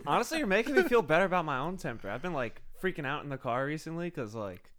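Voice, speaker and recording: A young man chatting casually on a podcast, laid-back and joking, with frequent laughter. His voice sits fairly high and swings up and down a lot. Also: very animated, fast, fairly bright tone. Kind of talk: casual chat.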